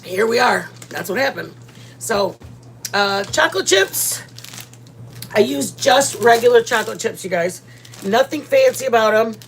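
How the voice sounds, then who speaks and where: A woman's voice: a little high, expressive, unhurried, slight background noise. Chatty woman on a cooking livestream. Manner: chatty, rambling, talks straight to viewers. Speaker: livestream host. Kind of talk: casual cooking livestream chat.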